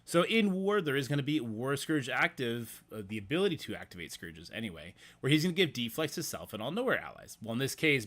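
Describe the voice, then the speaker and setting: Breathless male streamer, mid-pitched, casual, self-deprecating, thinks out loud. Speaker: game streamer. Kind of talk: casual live-stream commentary.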